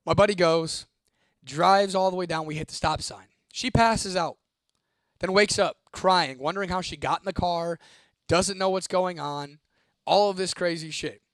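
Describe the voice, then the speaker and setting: Close-miked and dry with no room sound, a young male host with a somewhat high voice tells viewers an eerie story. He curses freely, stays animated, and reads one viewer's comment aloud.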